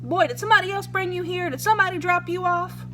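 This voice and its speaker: Storybook read-aloud: a woman voicing a gruff, accusing male sheriff, high-pitched. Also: fast talker, a bit bright, slight background noise. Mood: pressing. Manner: blunt, accusing, pushy questions. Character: gruff suspicious male small-town sheriff.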